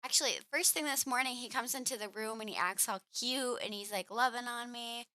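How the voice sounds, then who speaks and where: Woman streamer, casual chat, talks to her cat, bright tense voice, fairly high, dry close mic. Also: fairly quick, dry recording. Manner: chatty, scolds and coos at her cat. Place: home room.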